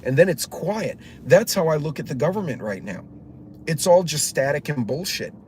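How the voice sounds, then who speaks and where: A man's voice: fairly high pitch, expressive, normal speed, a little mellow. Rambling, cursing man chatting over noise. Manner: rambling, profane storytelling. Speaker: channel host. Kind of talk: casual livestream chat. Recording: noticeable background noise.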